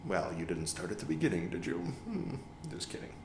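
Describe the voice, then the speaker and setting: A man's voice: low voice, big pitch swings, a little fast, creaky, background noise. A man hosting a podcast, reading a religious text aloud and breaking off for wry, joking asides. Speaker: podcast host reading scripture. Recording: echoey room.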